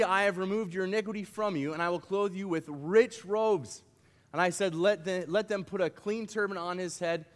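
A young man gives a youth camp sermon, playful and animated, joking with the crowd as he goes. His voice sits high for a man. A long reverb from the large hall trails behind each phrase. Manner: playful, animated, uses props and jokes with the crowd. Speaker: camp speaker. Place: large hall with a live audience.

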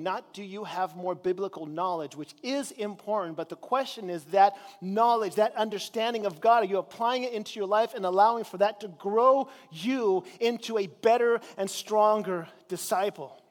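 Male pastor, high voice, conversational sermon, long hall echo. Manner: conversational preaching, repeats words when searching.

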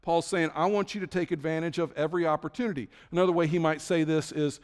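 A man's voice: fairly high pitch, fairly even intonation, fast talker, few pauses. A male pastor with a voice that sits a bit above the usual for a man, preaching in a loose, storytelling way with plenty of ums and restarts. His words ring out with a long reverb, as if caught in a large hall. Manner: conversational storytelling with frequent fillers. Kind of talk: sermon.

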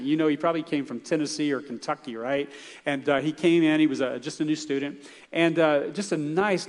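A man from Texas preaching a sermon in a conversational, animated way, with frequent restarts. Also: a little high, in a large hall. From Texas, United States. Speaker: pastor. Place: church sanctuary.

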